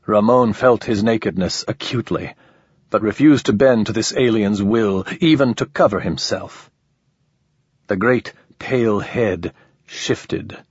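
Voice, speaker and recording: Male audiobook narrator, slow pace, husky low voice, dry slightly dull recording. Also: dry recording. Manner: measured, unhurried reading. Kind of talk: scripted novel narration.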